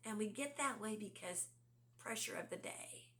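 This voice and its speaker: A woman giving a conversational devotional talk. She asks the listener many rhetorical questions, sometimes sinks to a hush, and reads scripture slowly. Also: medium pitch. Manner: drops to a hushed, near-whispered delivery at times. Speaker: devotional speaker.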